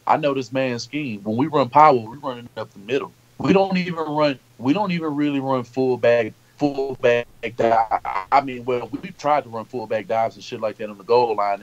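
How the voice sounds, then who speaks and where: A male co-host on a casual sports talk stream, animated and loose, swearing freely. His voice sits mid-range. The audio is dull and lo-fi. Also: mid-range voice. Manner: animated, swears freely, repeats words when worked up.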